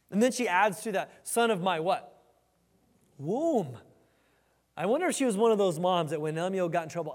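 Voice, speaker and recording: A man preaching a conversational sermon as a pastor, reading scripture with animated emphasis. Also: high-pitched, unhurried. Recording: long reverb of a large hall.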